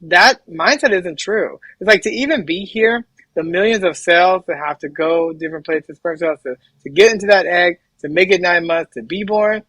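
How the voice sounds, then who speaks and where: A man speaking very fast and hyper as a podcast guest in a casual interview chat. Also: high voice, a bit bright, no room sound, low-quality recording.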